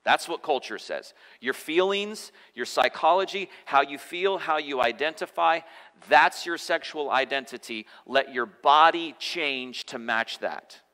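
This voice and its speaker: Male pastor preaching casually to a congregation, bright voice, echoing church hall, frequent restarts. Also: on the high side, lively intonation, unhurried. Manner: conversational preaching with frequent restarts and repeated words. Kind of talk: sermon. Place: church sanctuary.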